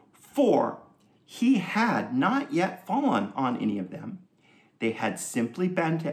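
A man preaching a sermon in a conversational, joking way, with asides and quick laughs. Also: mid-range voice. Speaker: pastor. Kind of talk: sermon teaching.

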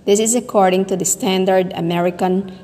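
A woman teacher giving a voice lesson, speaking slowly and deliberately and demonstrating sounds and word stress. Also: medium pitch, fairly even intonation, warm tone, slight background noise. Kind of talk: recorded voice lesson. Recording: long reverb.

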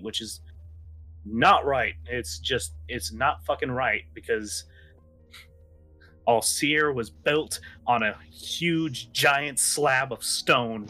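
A man's voice: medium pitch, pushed and bright. A man narrating a tabletop game as game master, casual and drawling, with fillers and swearing.

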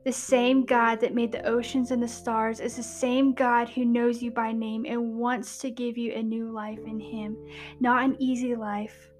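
Woman podcast host, earnest devotional reading, fairly high voice, soft music under. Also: level tone, measured pace. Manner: earnest, building to hushed emphasis.

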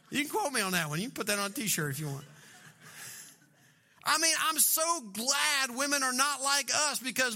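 Man, middle-aged pastor, high bright voice, sermon, playful quoted voices. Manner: humorous, acts out quoted voices.

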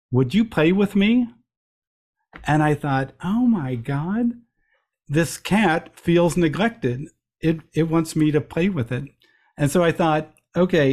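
Animated storytelling man, fairly high voice. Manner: animated anecdotes with many restarts, acts out quoted voices. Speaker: guest. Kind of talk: storytelling in a conversational interview.

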